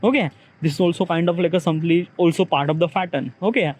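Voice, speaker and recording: A man's voice: a little high, quick pace, darkish tone, a little hiss or hum. A man with an Indian accent, talking through ideas in an unscripted solo monologue, rambling and filling gaps with "okay, yeah". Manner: rambling, constantly repeats "okay, yeah" and "kind of like"; searching for words, many restarts. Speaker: solo podcaster.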